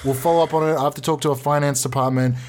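A man improvising a comedy sketch, talking in a blustering, sweary, mock-calm way. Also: fairly high pitch, very fast. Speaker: comedy podcast host.

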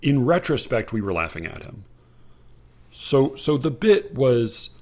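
A man in the middle of his pitch range tells a story on a podcast. He rambles wryly and corrects himself often as he goes. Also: big pitch swings, a little slow, darkish tone. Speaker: podcast host. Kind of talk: casual storytelling chat.

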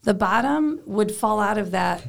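A woman's voice: mid-range voice, expressive, unhurried, vocal fry. A woman and mother talking about parenting in a casual, chatty way, with lots of "like". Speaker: co-host, parent. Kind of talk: casual faith talk.

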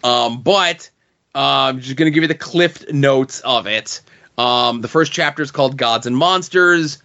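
A man's voice: mid-range voice, a little slow, vocal fry, bright, forceful tone, highs cut off. A man co-hosting a comics podcast in casual chat, rambling with lots of fillers. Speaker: podcast co-host.

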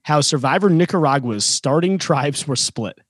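A man's voice: fairly high pitch, animated, moderate pace, no echo, studio quality. A man co-hosting a podcast, talking casually with many fillers and restarts while running a trivia game. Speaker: co-host running a trivia segment.

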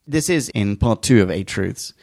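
A man's voice: on the low side, animated, normal speed, vocal fry, darkish tone, dry recording, clean studio sound. A man co-hosting a casual review podcast from England, articulate and wordy, often laughing at himself. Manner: articulate, wordy, self-deprecating. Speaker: podcast co-host.

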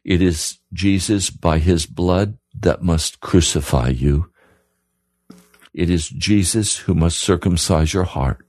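A man with a very low, deep voice preaches slowly and earnestly, pressing the same pleading question again and again. He speaks close to the mic in a dry, dead studio sound. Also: a little mellow, no echo. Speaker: radio preacher. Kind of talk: sermon broadcast.

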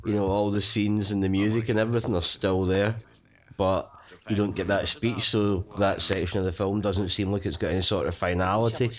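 A man's voice: lowish voice, fairly even intonation, brisk. A man rambling casually in a film commentary chat and swearing along the way. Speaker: commentary co-host.

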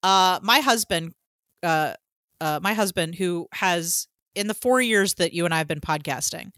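A woman from Georgia co-hosts a podcast, chatting casually with lots of fillers and a bit of swearing. Her voice is lowish and fairly bright, her pace unhurried, and the recording is dry.

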